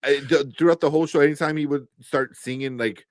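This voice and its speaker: A man co-hosting a casual show review chat, animated and laughing often, with lots of fillers. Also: a little high, brisk, dry recording, clean studio sound. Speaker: podcast co-host.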